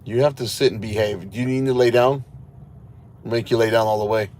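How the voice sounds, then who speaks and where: A man's voice: fairly low pitch, steady tone, fairly quick, darkish tone, a little hiss or hum. A tired man vlogging from inside his parked car, rambling to viewers with sarcastic asides. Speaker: cop-watch vlogger. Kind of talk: casual running commentary to viewers.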